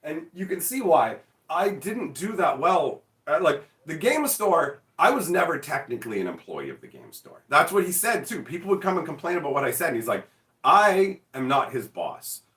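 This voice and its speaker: A man's voice: fairly high pitch, a little fast, few pauses, reverberant, distant mic. A man chatting casually as host, telling stories with acted-out back-and-forth and blunt swearing. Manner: animated storyteller, acts out mock dialogue, swears freely. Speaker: show host. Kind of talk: casual chat.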